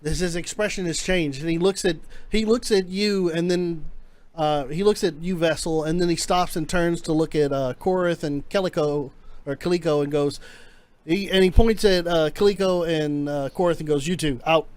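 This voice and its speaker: A man narrating a tabletop game as game master, with a rambling, halting delivery. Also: fairly high pitch, fairly even intonation, a little mellow, no echo.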